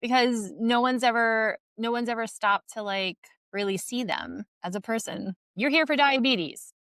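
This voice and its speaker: A woman physician and podcast guest, chatting casually and telling patient stories in a lively way, often saying "like" and laughing. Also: fairly high pitch, normal speed, clean tone, no echo. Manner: animated storyteller, heavy use of "like", laughs often. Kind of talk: casual interview chat.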